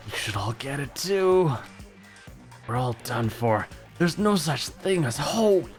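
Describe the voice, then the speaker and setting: A man's voice: mid-range voice, a little slow, soft background music. A man streaming a video game, reading the dialogue aloud in playful voices and joking in between. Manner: animated, jokey, reads characters' lines in put-on voices.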